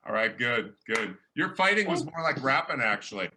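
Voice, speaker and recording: A male professor chats loosely through an online workshop, restarting his sentences often. His voice is bright and forceful at an ordinary pitch, heard over a video call. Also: very animated, normal speed, a little hiss or hum. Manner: chatty, many restarts and fillers. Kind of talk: casual workshop talk.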